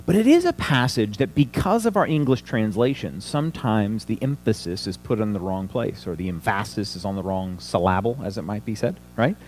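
A man's voice: lowish voice, expressive, fairly quick, hardly any pauses, a little mellow, slight background noise. A man preaching a sermon, teaching a passage step by step and asking the congregation rhetorical questions. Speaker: pastor.

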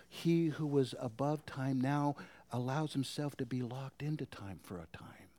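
A man preaching a sermon, asking the congregation rhetorical questions and swinging between forceful emphasis and hushed whispers. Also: medium pitch, normal speed, a little hiss or hum. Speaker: pastor.

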